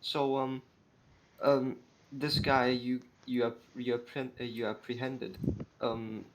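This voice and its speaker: A man's voice: medium pitch, level tone, slow, background noise. A man talking as a player in an online tabletop role-playing game, hesitant and full of fillers. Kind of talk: tabletop role-play chat.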